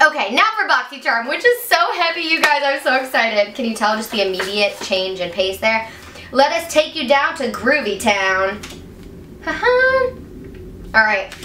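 A young woman beauty vlogger chatting through an unboxing, gushing and gasping with breathless enthusiasm. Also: medium pitch. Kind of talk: excited unboxing chat. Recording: echoey room, mic at a distance, faint hiss.

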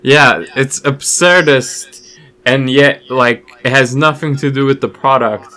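A man's voice: mid-range voice, takes it slowly, sharp tone. A young man chatting with friends, musing with dry humor. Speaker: co-host friend. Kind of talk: casual group chat.

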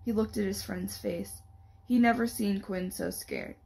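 A woman on a library's staff reading the first chapter of a young adult novel aloud in a steady storytelling manner. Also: mid-range voice, a little slow, vocal fry, breathy edge.

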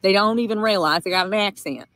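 A woman's voice: mid-range voice, quick pace, fairly bright tone, no room sound, rough recording. A woman with a Southern American accent, rambling emotionally and swearing through a livestream monologue. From Arkansas, USA.

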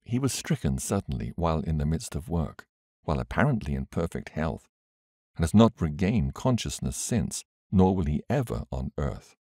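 A man reading a gentle, grave older brother. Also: extremely low pitch, very animated, moderate pace, no room sound, studio quality, exaggerated voice. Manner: gentle and sad.

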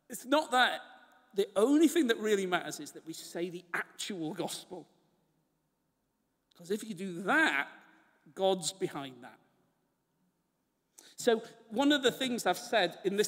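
A man preaching with lively energy, his voice sitting high for a man. He keeps slipping into quoted voices and laughs along the way. A long hall reverb trails every line. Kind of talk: Bible teaching.

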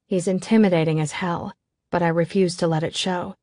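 A woman's voice: on the low side, steady tone, fairly quick, a little mellow, no room sound, clean studio sound. A woman reading a novel aloud in scripted first-person narration, in a tense, controlled way. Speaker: audiobook narrator.

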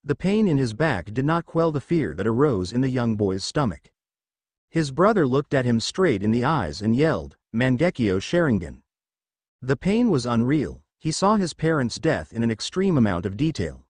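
A man reading fan fiction aloud as narrator, in a steady storytelling manner. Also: medium pitch, normal speed, no echo.

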